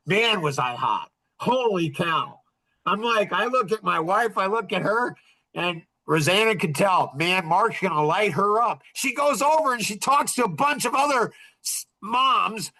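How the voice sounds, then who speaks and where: A middle-aged man hosting a podcast, telling a story in a casual, animated and heated way, with many restarts. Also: high voice, a little slow. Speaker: podcast host.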